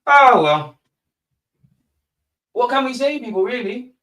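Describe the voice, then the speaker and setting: A man's voice: very high-pitched, slow, dry recording, clean studio sound. A young man, ranting and swearing in exasperation as a football fan channel host. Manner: animated, profane, exasperated ranting.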